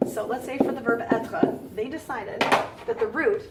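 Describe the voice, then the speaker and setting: A woman's voice: a little high, unhurried, heavy background noise. A woman giving a casual French grammar lesson, chatty and full of fillers, with playful exasperated asides. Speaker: French teacher. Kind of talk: casual screen-recorded lesson.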